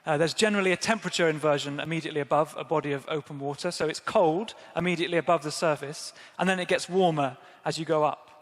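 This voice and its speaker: A man's voice: on the high side, quick pace, hardly any pauses, a bit bright. Chatty male preacher in a reverberant hall. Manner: conversational, self-deprecating, engages the congregation. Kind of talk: sermon. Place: church service.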